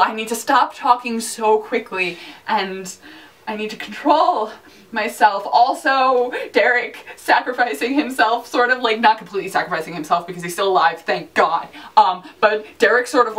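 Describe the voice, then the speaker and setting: A young woman gushing emotionally and quickly in a fan reaction chat, her words tumbling out in excited bursts. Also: on the high side. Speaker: fan vlogger reviewing a TV episode. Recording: voice a little far from the mic.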